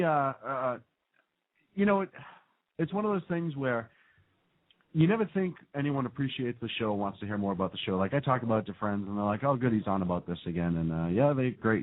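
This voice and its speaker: A man's voice: lowish voice, lively intonation, a little fast. A man with a Boston accent hosting a radio talk show, rambling and self-deprecating. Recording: phone-like narrow band.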